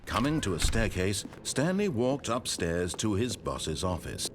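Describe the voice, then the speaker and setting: Brief: haughty game narrator, sarcastic, with dramatic sweeps in pitch. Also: male voice, sing-song, a little slow, background noise. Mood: narrating. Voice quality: pompous, dry and mocking.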